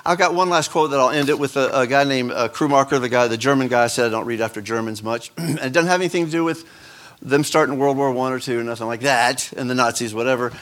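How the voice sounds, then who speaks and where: A man's voice: mid-range voice, fast talker, fairly bright tone. A man teaching a Sunday school class in a rambling, self-interrupting way, full of fillers and asides. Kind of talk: casual church teaching with read-aloud quotes. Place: church room.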